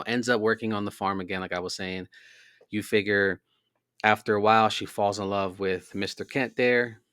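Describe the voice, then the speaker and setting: Low-voiced man rambling in a dry room. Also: a bit bright, no room sound. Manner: rambling, filler-heavy storytelling. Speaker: podcast host. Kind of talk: casual monologue.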